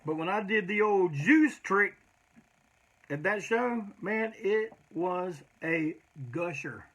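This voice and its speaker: Middle-aged punk frontman, raspy and punchy, slightly high voice, loose profane anecdotes. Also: lively intonation, slow pace, a bit bright. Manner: rambling, profane, peppered with "man". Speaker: punk band singer telling road stories. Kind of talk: casual storytelling monologue.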